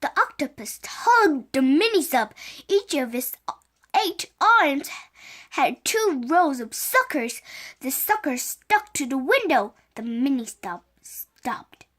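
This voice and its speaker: Lady reading a kids' book aloud, slow, high voice, stumbles and restarts. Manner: halting, with slips and restarts. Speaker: reader.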